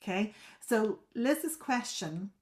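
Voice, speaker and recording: A woman's voice: mid-range voice, lively intonation, slow pace. A woman coaching a group on a live video call, explaining at length. She often repeats and restarts words and checks whether listeners follow.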